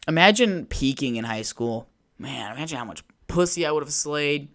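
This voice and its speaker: A man's voice: on the high side, lively intonation, normal speed, a bit bright. A young man hosting a solo podcast from home, telling a rambling, swear-heavy story in a casual chat. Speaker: podcast host. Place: at home by a window.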